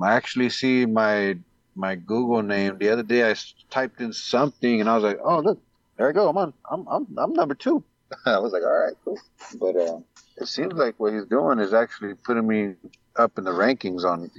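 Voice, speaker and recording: Laid-back low-voiced man. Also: no room sound, dull audio. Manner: laid-back, rambling, hesitant. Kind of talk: casual chat.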